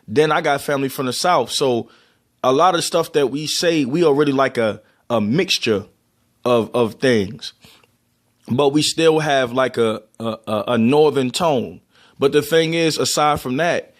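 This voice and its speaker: A man from Baltimore with a Baltimore accent, casually explaining and demonstrating how words are pronounced, with loose restarts. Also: on the high side. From Baltimore, USA. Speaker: vlogger.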